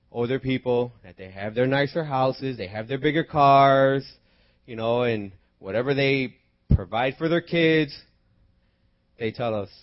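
A man preaching a sermon, moving from quiet teaching into loud, impassioned prayer and exhortation. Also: medium pitch, highs cut off. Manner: breaks into spoken prayer.

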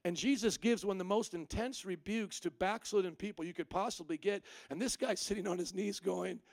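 High-voiced pastor telling stories with humor. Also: male voice, brisk, few pauses, no echo. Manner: animated storytelling, acting out quoted lines with humor. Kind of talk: sermon. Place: church service.

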